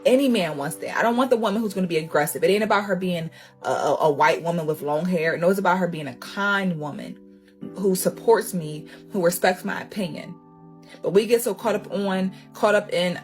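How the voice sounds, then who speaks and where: A woman's voice: fairly low pitch, animated, fairly quick, faint music behind. A woman giving an emphatic, preachy social media monologue.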